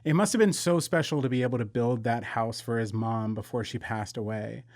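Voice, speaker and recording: A male podcast co-host with a mid-range voice speaks between interview clips, explaining each point with sympathy. His delivery is smooth and steady. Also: mid-range voice, brisk. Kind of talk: scripted podcast commentary.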